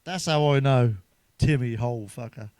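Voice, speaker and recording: A man's voice: mid-range voice, normal speed, a little mellow, dry recording. A middle-aged man telling crude stand-up jokes, swearing often and laughing at his own punchlines. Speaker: stand-up comedian. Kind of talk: stand-up jokes told to camera.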